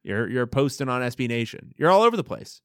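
A man's voice: medium pitch, very animated, fast talker, fairly bright tone, clean tone, no room sound, studio quality. A man co-hosting a podcast in casual chat, joking as he reads out a list of fan favorites. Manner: joking, mock-grand listing of fan favorites. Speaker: podcast co-host.

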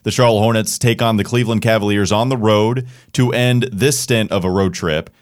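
A man's voice: lowish voice, fairly even intonation. Man hosting a sports podcast. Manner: brisk, rattling off stats with sarcastic asides. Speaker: podcast host.

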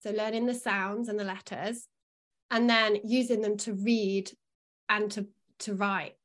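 A woman's voice: medium pitch, steady tone, measured pace. A woman, an early learning expert, giving patient, reassuring explanations as a podcast guest.

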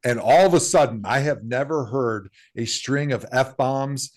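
Animated male storyteller on a podcast. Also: medium pitch, unhurried. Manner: animated storyteller, acts out quoted voices. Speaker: podcast co-host. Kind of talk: casual storytelling chat.

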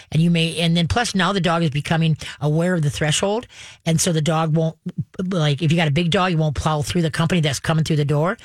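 A woman's voice: low-pitched, dry recording. A woman hosting a radio show as a dog trainer, giving step-by-step coaching, often checking in with "okay" and "all right". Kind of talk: instructive radio advice.

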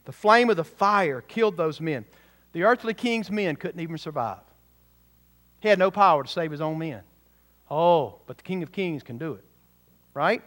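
A man preaching a sermon, full of rhetorical questions and quick asides to the congregation. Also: a little high, animated, fairly bright tone. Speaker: pastor.

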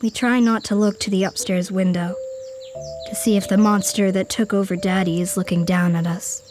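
A woman's voice: medium pitch, fairly even intonation, normal speed, darkish tone, faint music behind, natural voice. A woman voicing an earnest, caring young girl who narrates her own story. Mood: wistful. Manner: earnest, determined. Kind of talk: audio drama narration.

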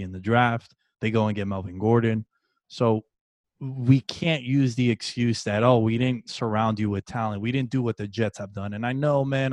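A man hosting a casual sports talk show, loose and jokey, with animated bursts of emphasis. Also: fairly low pitch, no room sound. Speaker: podcast host.

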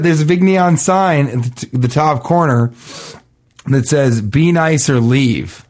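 A man co-hosting a podcast, telling casual comic stories and acting out the people in them with sudden jumps in pitch. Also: lively intonation, moderate pace, background noise. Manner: acts out quoted voices, jumping pitch. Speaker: podcast co-host. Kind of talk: casual comedic storytelling.

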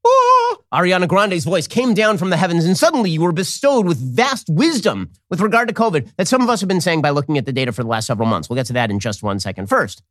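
Male commentary host, sarcastic and combative, lively swinging pitch, dry close mic. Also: fast, few pauses, no room sound. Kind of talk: political commentary monologue.

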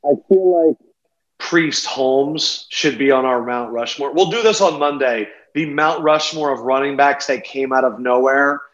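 A man hosting a casual sports betting podcast, playful and excitable, speaking over a phone. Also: medium pitch, dull audio. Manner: excitable, playful, quick asides. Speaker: podcast host. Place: home in a city apartment. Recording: echoey room over a phone.

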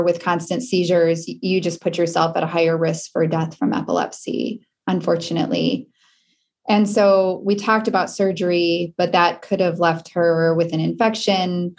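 A woman from Wisconsin, middle-aged, speaks in a fairly low register. She tells her story in an interview with sincerity and quiet emotion. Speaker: guest. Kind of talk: personal interview.

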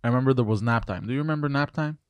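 A man with a mid-pitched voice tells rambling stories on a podcast, stopping and restarting as he searches for words. He talks in a casual, forgetful way. The sound is dry and close. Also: clean tone, dry recording, highs cut off. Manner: rambling, forgetful, halting storyteller. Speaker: podcast co-host.

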